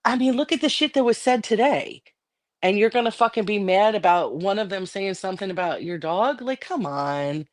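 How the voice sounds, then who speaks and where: A woman's voice: medium pitch, lively intonation, moderate pace, a little mellow. A middle-aged woman on a livestream, ranting angrily and defiantly with constant swearing. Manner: angry, defiant, profane. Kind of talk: heated livestream rant.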